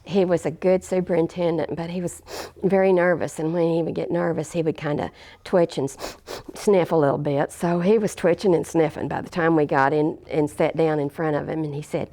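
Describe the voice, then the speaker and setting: A woman's voice: low-pitched, steady tone, brisk, vocal fry, warm tone. An older woman, a former teacher telling anecdotes in an oral history interview, chatty and laughing often. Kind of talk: anecdotal storytelling.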